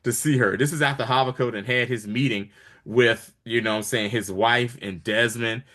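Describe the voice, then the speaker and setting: A man's voice: medium pitch, steady tone, normal speed, sharp tone. A man casually retelling a TV episode to his co-host, acting out the characters' lines in shifting voices. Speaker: podcast co-host recapping a show. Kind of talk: casual chat.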